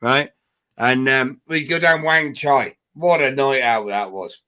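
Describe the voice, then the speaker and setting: A man's voice: medium pitch, measured pace, bright, forceful tone, smooth. A man co-hosting a casual pub-style chat, swearing freely as he rambles through travel anecdotes. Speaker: podcast co-host.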